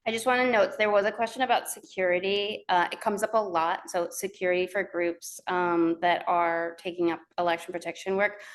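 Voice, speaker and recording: A woman's voice: on the low side, steady tone, brisk, hardly any pauses. A woman leading an online organizers' call, speaking hesitantly with many fillers and restarts. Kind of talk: presentation on a video call.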